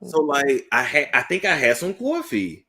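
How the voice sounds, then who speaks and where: A man hosting a casual chat, telling lively stories and laughing often. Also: on the high side, normal speed. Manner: animated storyteller, laughs a lot. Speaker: host.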